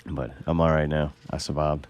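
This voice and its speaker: A man's voice: extremely low pitch, level tone, normal speed, a little mellow, smooth, no room sound. A man hosting a podcast, telling rambling, profane stories in casual studio chat. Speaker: podcast host.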